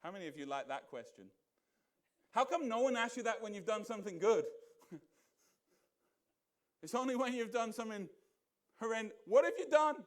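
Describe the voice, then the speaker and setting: A man with a notably high voice preaching a conversational sermon in a church. He keeps putting questions to the congregation and drops into a low mutter when he quotes people. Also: animated, normal speed, pauses often. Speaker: pastor. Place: church sanctuary.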